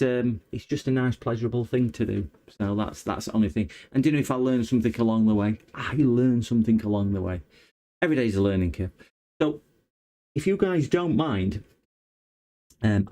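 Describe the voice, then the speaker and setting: Man, repair livestream host, slightly low mellow voice, rambling, halting delivery. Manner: rambling, hesitant, many fillers and restarts. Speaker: electronics repair streamer. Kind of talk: casual livestream chat.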